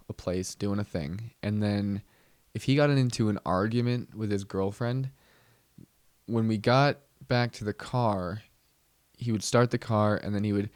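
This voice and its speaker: A man from Southern California hosts a comedy podcast, casually telling a rambling, profane story while swearing freely, acting out yelling and singing snippets of songs. His voice is on the low side, with no echo.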